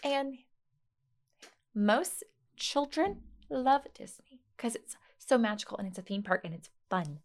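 A woman speaks as a guest in a relaxed interview, telling a family story with plenty of laughter. Her pitch leaps up and down as she goes, and her voice has a gravelly, fry-edged texture. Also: a little slow. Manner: animated storyteller, laughs often. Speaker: guest, new mother. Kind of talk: casual interview chat.

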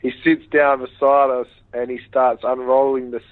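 A man's voice: medium pitch, moderate pace, no room sound. Man telling a story over a phone line. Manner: rambling, animated retelling with quoted dialogue. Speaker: interview guest. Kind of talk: casual phone interview storytelling. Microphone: phone call. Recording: tinny phone line, dry.

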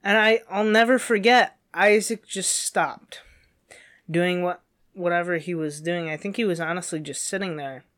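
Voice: mid-range voice, moderate pace, fairly bright tone. A young adult co-host telling a story in casual chat, rambling with many fillers and restarts.

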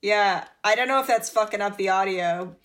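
A woman with a loud voice, chatting casually and joking on a podcast recorded at home, with lots of "like.". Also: medium pitch. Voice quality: loud, says so herself. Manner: fast, joking, filler-heavy with lots of "like". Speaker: podcast co-host. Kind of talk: casual chat. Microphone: home podcast setup.

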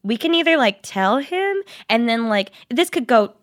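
Young woman on a podcast, animated storytelling, slightly high voice, dry close sound. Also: dry recording. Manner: animated storyteller, fast asides and laughs. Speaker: podcast co-host. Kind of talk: casual storytelling chat.

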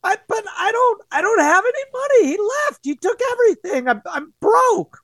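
A man voicing a distraught young woman crying and shouting back. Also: extremely high pitch, big pitch swings, moderate pace, dry recording, voice pushed up, heavily acted. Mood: desperate.

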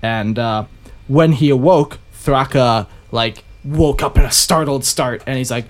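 A man's voice: medium pitch, unhurried. Laughing, rambling man telling game lore. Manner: rambling, laughs often, lots of fillers. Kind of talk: casual chat about game lore.

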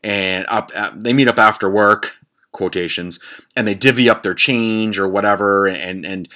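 A man's voice: lowish voice, steady tone, moderate pace, pushed and bright. A man, hosting a podcast and telling a rambling, profane story in a blunt, casual way. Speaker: podcast host.

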